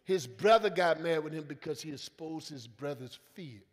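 With lively intonation and a moderate pace, a senior pastor preaches to his congregation in a high-pitched voice. He shifts from gentle asides to swelling, emphatic calls in call-and-response style, performs quoted voices in plain vernacular, and his voice echoes with the sanctuary's long reverb.

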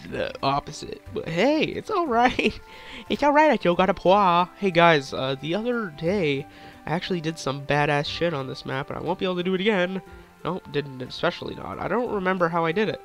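A man's voice: a little high, fairly bright tone. A young man with a sore throat giving hyper, giggly, crude gameplay commentary, rambling on. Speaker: gaming YouTuber.

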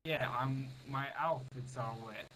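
A man's voice: medium pitch, a little slow, over a noisy crowd, rough recording. A man chatting brashly with other players over in-game voice chat, calling everyone brother. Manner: brash, calls people brother.

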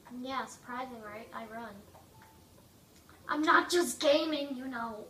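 A woman giving casual, rambling gameplay commentary, joking and mocking herself, her throat a little rough from coughing. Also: high voice, unhurried, pushed and bright, recorded from a distance. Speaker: gaming video maker. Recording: echoey room, away from mic, faint noise.

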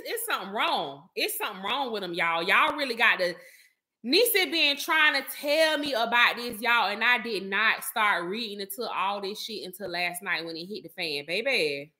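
A woman vlogger in casual gossip chat, animated and chatty, talking straight to her viewers and calling them child, baby and honey. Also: on the high side. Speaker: vlogger host.

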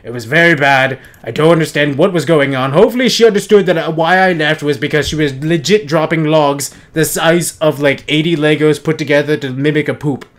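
A man's voice: fairly high pitch, a little fast, hardly any pauses, close to an everyday voice. A young man putting on a silly voice to read a letter aloud in a game. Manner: silly put-on reading voice. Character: goofy man reading a formal letter.

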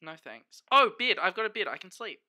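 A young man streaming a game, chatting casually and swearing freely. He talks to his viewers and to himself, with sudden excited outbursts. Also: sits high, fairly quick. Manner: talks to the chat and himself as he plays. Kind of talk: casual gameplay commentary.

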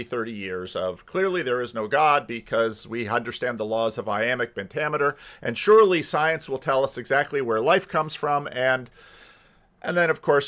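A man hosting a commentary channel, talking casually and musing over a debate clip, restarting his sentences often. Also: mid-range voice. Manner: musing, restarts often, animated when he mimics others.

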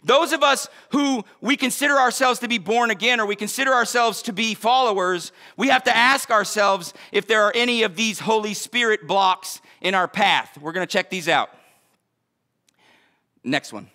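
Pastor guy preaching, high bright voice, lively and chatty, cracks jokes as he goes. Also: moderate pace, long reverb tail. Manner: energetic conversational preaching with joking asides. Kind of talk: sermon.

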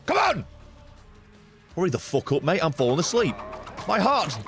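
A young man commentating his own gameplay on a live stream, profane and animated, grumbling then yelling at the game. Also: on the high side, fairly quick. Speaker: gaming streamer. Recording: game music behind voice.

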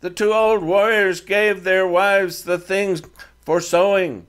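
Guy doing a defiant teen boy, broken halting english, voice pushed way up high and loud. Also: steady tone, clean tone. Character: defiant teenage boy, gang leader.

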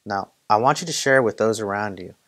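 A man's voice: on the low side, fairly quick, fairly bright tone. A man preaching a casual Bible study, conversational and full of stories and acted quotes. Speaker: pastor leading Bible study. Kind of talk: casual sermon.

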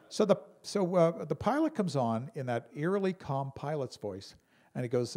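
A man performing a stand-up comedy routine on stage, telling stories with lively impressions of other people. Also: fairly high pitch, moderate pace. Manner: animated storyteller, mimics calm pilots and a Brooklyn guy. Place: stage before a live audience.

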